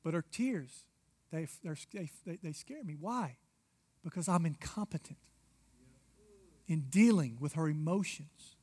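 A man's voice: a little high, expressive, measured pace, pauses often, warm tone, slightly rough. A man preaching a sermon, candid and personal, speaking directly to the congregation. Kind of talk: sermon to a men's audience.

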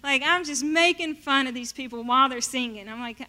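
A woman telling her personal faith testimony in an animated storytelling way. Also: high-pitched, brisk. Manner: animated storytelling, acting out her past self in quotes. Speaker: speaker sharing a testimony.

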